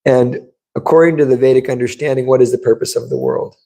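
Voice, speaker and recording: A man's voice: medium pitch, fairly even intonation, quick pace, creaky, dark tone, rough recording. A man giving a scripture class in a temple, telling stories in a casual conversational way. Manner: conversational storytelling, acts out quotes. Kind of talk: sermon. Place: temple room.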